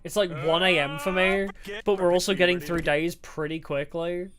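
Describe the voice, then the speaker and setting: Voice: mid-range voice, steady tone, moderate pace. Wry, casual game streamer. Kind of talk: live game playthrough commentary. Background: game music.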